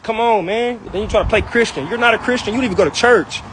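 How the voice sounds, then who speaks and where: A young man with a high voice rattles through an angry, wounded rant, piling up slang and going back over the same points. He talks fast and is recorded outdoors, with faint street traffic behind him. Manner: angry, hurt, repetitive, slangy. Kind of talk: heated personal rant.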